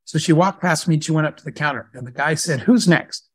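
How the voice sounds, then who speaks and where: A man speaking as a guest entrepreneur in a live question-and-answer talk, telling stories in a lively, conversational way. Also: fairly high pitch, fast, slightly rough, no room sound, clean studio sound. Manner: animated storyteller who acts out dialogue.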